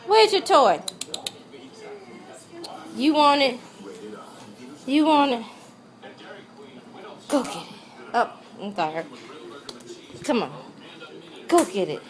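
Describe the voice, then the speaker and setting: A woman in casual home-video chat, swearing freely in a teasing, exasperated way while playing with a cat. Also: high voice.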